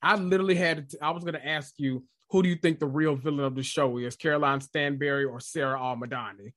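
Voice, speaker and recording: A man chatting casually about reality TV as a podcast host, analytical and animated when quoting people. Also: on the high side, quick pace. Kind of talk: casual reality-TV recap chat.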